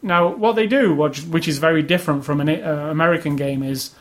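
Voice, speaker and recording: A man's voice: on the high side, a little fast, a bit bright. A man casually chatting about video games as a podcast co-host, opinionated and rambling. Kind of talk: casual chat.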